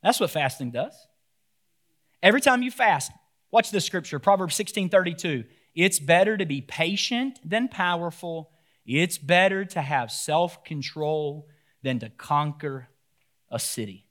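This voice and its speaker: A pastor preaching a sermon to his church, swinging between loud, animated outbursts and quiet, emphatic points. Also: fairly high pitch, unhurried.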